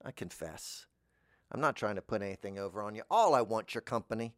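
A man hosting a podcast, musing in a meandering deadpan monologue that trails off into mumbles. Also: fast, no room sound, clean studio sound. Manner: jumps into high squeaky voices for imagined speakers. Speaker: podcast host. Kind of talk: rambling comic monologue.

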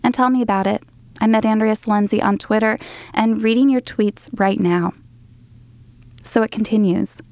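A woman's voice: mid-range voice, fairly even intonation, normal speed, a little mellow, no room sound. A woman hosting a radio show, talking directly to her listeners. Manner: direct, speaks straight to listeners. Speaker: radio host. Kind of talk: radio host link.

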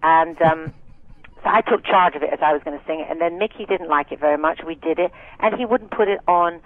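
A woman's voice: sits low, brisk, no echo. A woman in her sixties from Scotland, a singer and actress telling frank, chatty stories with many asides in a casual interview. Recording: tinny phone line, dry.

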